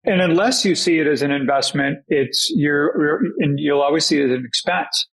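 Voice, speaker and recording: A man appearing as a podcast guest, explaining ideas in a measured way during a casual conversation. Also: fairly high pitch, creaky, fairly bright tone, rough recording. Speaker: podcast guest, peer-group expert.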